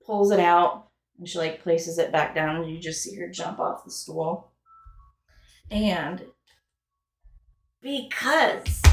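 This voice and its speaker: A woman's voice: mid-range voice, a bit bright. A woman narrating as game master in a loose, rambling, casual storytelling manner with some swearing, recorded in an echoey room.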